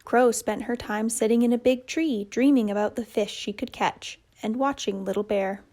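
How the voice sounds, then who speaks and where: A woman telling a children's puppet story in a gentle, measured way. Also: fairly high pitch.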